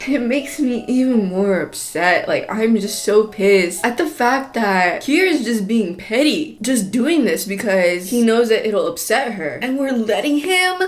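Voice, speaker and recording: A young adult woman giving animated live reactions in a book-reading vlog, exclaiming, laughing and sighing often. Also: mid-range voice, unhurried, few pauses. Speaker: book vlogger.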